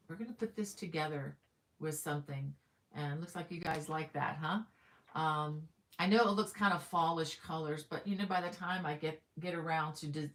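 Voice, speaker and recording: A woman's voice: low voice, fairly bright tone. A middle-aged woman hosting a crochet live stream in casual chat. She is chatty and upbeat, greets viewers by name, and fills her talk with ums and restarts. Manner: frequent ums and self-corrections. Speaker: crochet livestream host.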